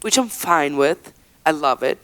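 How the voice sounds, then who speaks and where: Smooth-voiced woman, chatty and candid. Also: sits low, lively intonation, a little slow, a bit bright. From Faroe Islands. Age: 30s. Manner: chatty and candid, full of "like" and restarts, acts out quotes. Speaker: singer being interviewed. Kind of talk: casual interview chat. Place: event venue indoors.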